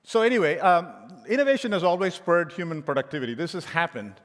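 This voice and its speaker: A man's voice: sits high, very animated, quick pace. A middle-aged man giving a conference keynote as a tech executive, telling joking anecdotes with frequent restarts. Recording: long hall reverb.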